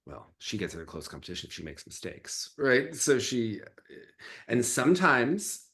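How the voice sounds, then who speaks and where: A man hosting a casual skating chat, teasing and lively, with quick asides. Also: medium pitch. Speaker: host.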